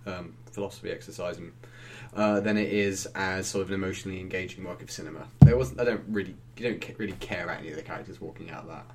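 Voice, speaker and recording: A man's voice: sits low, fast, background noise. A man co-hosting a film review podcast, talking casually with frequent restarts and laughter. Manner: rambling, restarts often, laughs easily.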